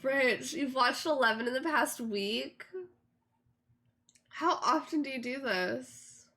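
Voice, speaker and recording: A woman's voice: high voice, slow pace, pushed and bright, faint music behind. A young woman streaming a farming game, chatting in an emotional, gushing way full of "like"s. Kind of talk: casual game-stream chat.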